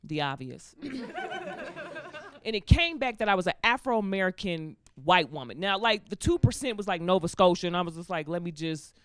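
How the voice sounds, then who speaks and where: Animated woman doing stand-up comedy. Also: lowish voice, moderate pace, dry recording, clean studio sound. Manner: lively storytelling, acts out characters in put-on voices. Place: comedy stage before a laughing audience.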